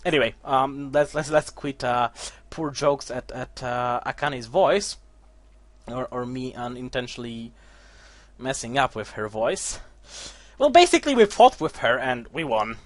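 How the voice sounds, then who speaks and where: Animated man rambling through game commentary. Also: mid-range voice, measured pace, no room sound. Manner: rambling, stumbling restarts, jokey. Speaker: gameplay commentator. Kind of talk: casual game commentary and story reading.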